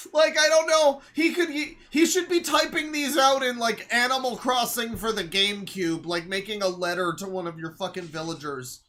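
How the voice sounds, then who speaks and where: A man's voice: extremely high pitch, normal speed, pushed and bright. A man streaming live, reacting to videos with sarcastic, exasperated, profane rants.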